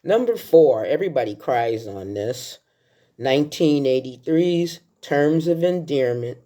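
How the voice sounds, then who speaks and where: A woman's voice: a bass voice, unhurried, dark tone. A woman in her sixties talking casually through a countdown of her favorite films, telling heartfelt stories along the way. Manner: chatty, heartfelt storytelling. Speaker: film vlogger. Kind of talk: casual film countdown talk.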